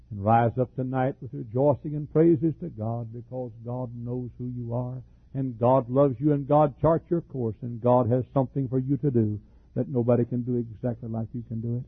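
An older man preaching a fervent sermon as pastor, with a husky, troubled voice, frequent coughs and repeated words. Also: mid-range voice, fairly even intonation, moderate pace, no echo. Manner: fervent preaching with repetitions and laughs. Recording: dry, phone-like lo-fi recording.

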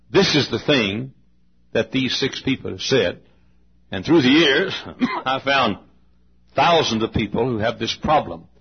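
A man preaching a sermon as pastor to his congregation, slow and emphatic, repeating key phrases and urging the listeners to pay attention. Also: medium pitch, slightly rough, dull audio. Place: large auditorium.

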